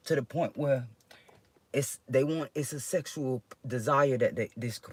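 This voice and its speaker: A woman's voice: rumbling low, darkish tone. A woman venting emotionally to her viewers, agitated and profane, rambling with frequent restarts. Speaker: vlogger.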